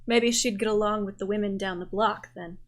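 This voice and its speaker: A woman runs a tabletop game, describing scenes and slipping into characters' lines. She talks in a relaxed, chatty way, with plenty of fillers. Her voice sits at an ordinary pitch for a woman. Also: a little fast. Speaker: game master.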